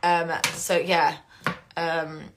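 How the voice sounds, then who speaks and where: A woman's voice: low-pitched, monotone, drawn-out words, background noise. A woman with an English accent chatting casually to fans on a live-stream Q&A, rambling, swearing freely and getting emotional. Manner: gets emotional and laughs often. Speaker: voice actress hosting a fan Q&A stream.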